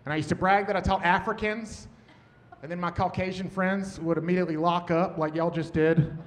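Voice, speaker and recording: A man performing a stand-up comedy set on stage, deadpan, with muttered asides. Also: high voice, brisk. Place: comedy stage with laughing audience. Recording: noisy stage recording.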